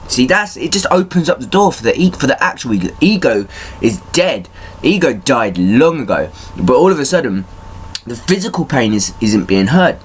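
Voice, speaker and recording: A man's voice: mid-range voice, very animated, normal speed, fairly bright tone, husky. A man in pain venting in a personal vlog, angry and swearing, his rants rising in heat. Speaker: vlogger.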